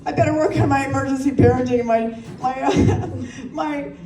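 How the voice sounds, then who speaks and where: A woman's voice: sits high, steady tone, normal speed, crowd noise. A woman in her thirties performing a brash, profane stand-up comedy set, telling stories about parenting with laughs. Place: comedy club stage. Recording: roomy sound from a distant mic.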